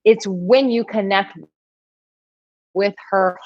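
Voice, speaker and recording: A woman dating coach answers viewer questions live, reading comments aloud and giving blunt, animated advice with frequent laughter. Her voice sits at a middling pitch and comes through a somewhat dull, lo-fi mic in a dry, close setting. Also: slow pace, dry recording. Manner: animated, frank, laughs often.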